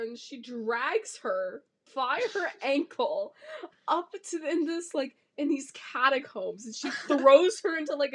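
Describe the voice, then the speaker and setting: A young woman co-hosting a podcast, sarcastically retelling a book with lots of giggling. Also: sits high. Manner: sarcastic, giggly, acts out characters in quotes. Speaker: podcast co-host. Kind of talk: casual chat, retelling a book.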